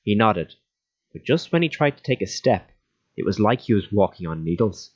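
A man narrating a story in a steady audiobook reading style. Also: lowish voice, normal speed, slightly rough. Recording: dull lo-fi recording.

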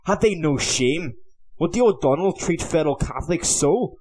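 A man voicing a furious young Irish nobleman who sputters and shouts his indignation in a storybook reading. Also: medium pitch, animated, moderate pace, close to an everyday voice. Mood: raging.

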